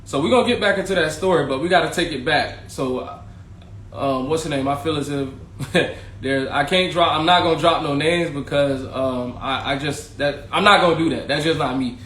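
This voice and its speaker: A man's voice: a little high, moderate pace, fairly bright tone, a little hiss or hum. A man hosting a podcast, casually telling his own story, candid and slangy, swearing freely and talking straight to his viewers. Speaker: podcast host, former teacher. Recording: echoey room with faint ambience.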